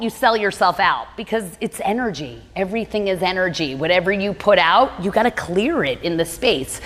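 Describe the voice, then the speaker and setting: A woman's voice: medium pitch, fairly bright tone. Middle-aged woman telling her story, straight-talking and blunt, voice ringing out in a big hall. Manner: blunt, direct, speaks bluntly to her listeners. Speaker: gym owner and motivational speaker. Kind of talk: personal storytelling talk. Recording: long hall reverb.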